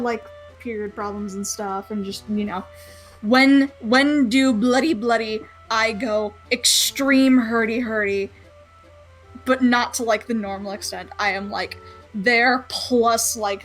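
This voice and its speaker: A young woman tells a story in a casual, rambling way, swearing freely and breaking into laughter. Her voice sits a little high. Faint music plays behind her. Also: fairly bright tone.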